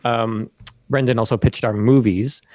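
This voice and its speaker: A male podcast host talking loosely and jokingly, his mid-pitched voice recorded dry and close. His delivery is casual and chatty. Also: steady tone, unhurried, darkish tone, dry recording. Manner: loose, joking, full of fillers and restarts. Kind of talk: casual chat.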